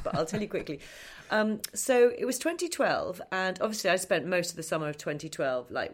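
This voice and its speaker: A middle-aged woman telling a long story as a podcast guest, animated and self-mocking, laughing often. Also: lowish voice. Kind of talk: chatty storytelling interview.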